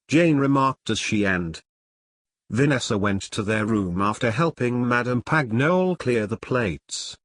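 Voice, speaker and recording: A man reading a novel aloud as an audiobook narrator, in plain, measured narration. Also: medium pitch, animated, a bit bright, no room sound. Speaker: audiobook reader.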